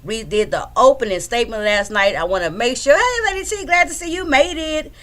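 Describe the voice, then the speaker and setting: A woman's voice: a little high, lively intonation, fairly quick, fairly bright tone. A woman hosting a casual livestream from home, chatting loosely and greeting her viewers by name. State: a bit out of breath. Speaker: livestream host.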